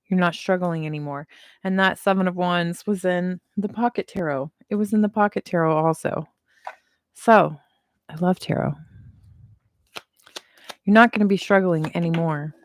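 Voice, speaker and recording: A woman's voice: lowish voice, clear, resonant tone, no room sound, clean studio sound. A woman, giving a casual livestream tarot reading and chatting, repeating reassurances with chatty asides, seated at a table at home. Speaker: tarot reader.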